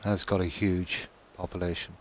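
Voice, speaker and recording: An Irish man chatting casually on a live stream, reading out and answering viewer comments in a relaxed, talkative way. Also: sits low, normal speed, a little hiss or hum. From Ireland.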